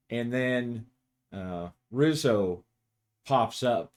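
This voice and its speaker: A man's voice: fairly low pitch, slow. A man narrating his solo tabletop role-playing game in a casual, rambling way and chuckling often. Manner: casual, chuckling, frequent restarts. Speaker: game master.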